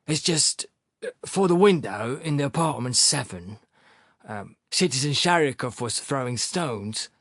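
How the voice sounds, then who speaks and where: A humble, deferential porter, polite and apologetic but emphatic when he agrees, as a male narrator plays him. His voice moves lively through its range. Dry, close audiobook sound. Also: medium pitch, unhurried, dry recording.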